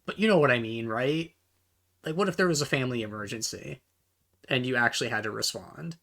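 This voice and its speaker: A man's voice: mid-range voice, fairly quick, vocal fry, a bit bright. A man hosting a reaction video, ranting in casual commentary, exasperated and swearing a lot, stumbling over repeated words as he reads posts aloud to himself. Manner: talks to himself while reading posts aloud.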